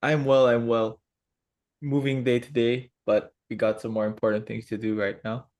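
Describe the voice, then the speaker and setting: A man's voice: mid-range voice, flat delivery, normal speed, darkish tone. A man co-hosting a podcast in a laid-back, easygoing casual chat. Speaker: podcast co-host.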